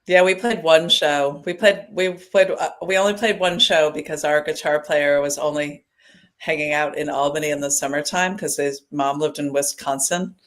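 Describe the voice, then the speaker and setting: A woman's voice: sits low, fairly even intonation, normal speed. A woman in her fifties from upstate New York, chatting as a guest over a video call, laughing often and restarting her sentences. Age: 50s. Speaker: guest musician. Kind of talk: casual chat.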